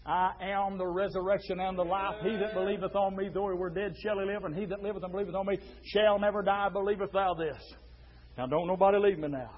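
A high-voiced preacher man shouting. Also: fairly even intonation, lo-fi sound. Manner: fiery preaching that swings from hushed to shouting, drawn-out words. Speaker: pastor. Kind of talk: sermon.

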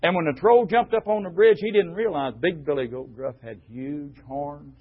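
A man's voice: a little high, normal speed. A man preaching a fervent, emphatic sermon to a group of men. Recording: dull lo-fi recording.

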